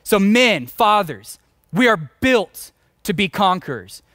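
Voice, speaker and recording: High-voiced pastor preaching a sermon. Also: male voice, very animated, slow pace, fairly bright tone, no echo, clean studio sound. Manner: storytelling, self-mocking, emphatic.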